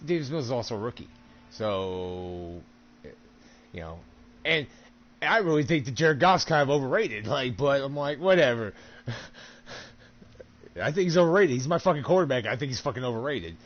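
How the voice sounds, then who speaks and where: A man chatting casually while gaming, animated and profane, laughing often. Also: mid-range voice, moderate pace, pauses often, muffled recording.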